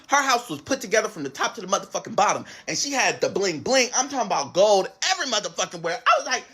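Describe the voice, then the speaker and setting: A man telling a personal story in casual storytime style, animated and profane with wry asides. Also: sits high. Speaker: guest telling his story.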